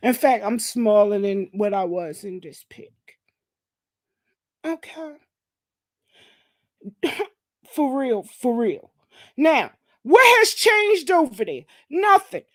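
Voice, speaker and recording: High-voiced woman ranting with profanity. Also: no echo. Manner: profane, mocking, confrontational, repeats "okay?". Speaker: gossip commentary host. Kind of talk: ranting commentary monologue.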